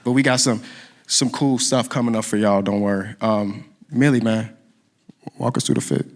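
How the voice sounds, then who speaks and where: A man co-hosting a live podcast, chatting in a relaxed, teasing way. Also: on the low side, normal speed. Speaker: podcast co-host. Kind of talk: casual chat on a live podcast.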